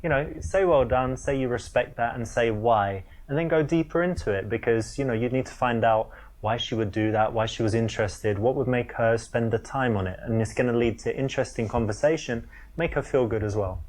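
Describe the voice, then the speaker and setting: A man's voice: mid-range voice, brisk, darkish tone. Man giving dating advice. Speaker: dating coach. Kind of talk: instructional advice to camera.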